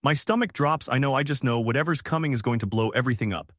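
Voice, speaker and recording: A man's voice: mid-range voice, fast talker, no room sound, clean studio sound. A man reading a scripted first-person story with a dramatic storytelling delivery. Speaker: story narrator.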